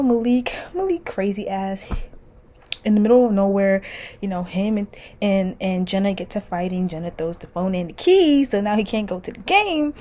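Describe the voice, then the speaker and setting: A woman vlogger ranting casually to camera at home, animated, swearing and exasperated. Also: medium pitch, poor audio. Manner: animated, profane, exasperated, laughing often. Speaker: vlogger ranting about a TV series.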